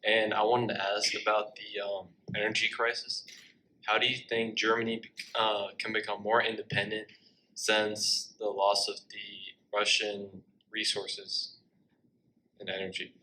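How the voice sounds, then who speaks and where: A teenage high school student asking a panel a question, speaking flat and careful. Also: male voice, measured pace, slight background noise, rough recording. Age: teens.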